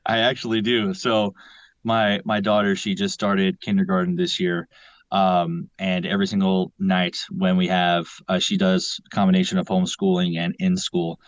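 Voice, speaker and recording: A man's voice: low voice, flat delivery, normal speed, no echo. A man in his thirties, a voice actor guest, chatting in an easygoing way. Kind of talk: casual chat. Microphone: phone app. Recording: dull, dry phone-app sound.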